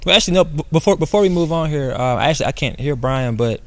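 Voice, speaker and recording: A man on a casual sports talk show, cutting in with a brisk, matter-of-fact news update. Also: fairly high pitch, lively intonation, no room sound.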